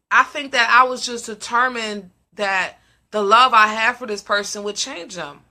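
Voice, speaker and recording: Emphatic woman with a bright, ringing voice. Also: fairly high pitch. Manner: emphatic, repeats questions. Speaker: host of a live discussion. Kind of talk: casual live-stream talk.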